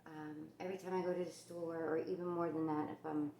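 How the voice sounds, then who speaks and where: A woman's voice: sits low, little pitch movement, fairly quick, vocal fry, dark tone, roomy sound, slight background noise. A woman from the New York and New Jersey area with a New York accent, chatting casually as she demonstrates a recipe in her home kitchen. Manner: chatty, rambling, with many fillers. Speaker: cooking channel host.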